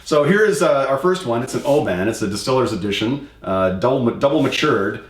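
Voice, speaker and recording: A man's voice: medium pitch, lively intonation, brisk, roomy sound. A man hosting a casual tasting podcast, upbeat and jokey, with lots of ums and uhs. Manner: upbeat, jokey, frequent fillers. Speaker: host.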